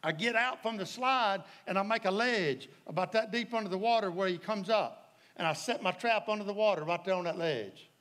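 A man's voice: sits high, a little fast, fairly bright tone. A man with a Southern US accent preaching a sermon as pastor, folksy and storytelling, often asking the congregation if they follow.

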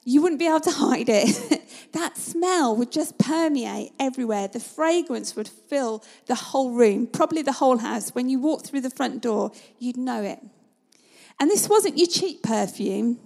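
Woman preacher, high and mellow, vivid storyteller. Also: expressive, normal speed, creaky. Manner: conversational, vivid storytelling, sometimes drops to a hush. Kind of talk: sermon.

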